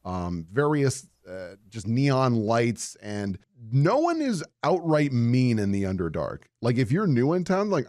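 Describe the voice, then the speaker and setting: A man's voice: mid-range voice, big pitch swings, measured pace, few pauses, a little mellow, dry recording, studio quality. A man co-hosting a casual podcast, talking enthusiastically and rambling with many fillers. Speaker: podcast co-host. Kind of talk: casual chat.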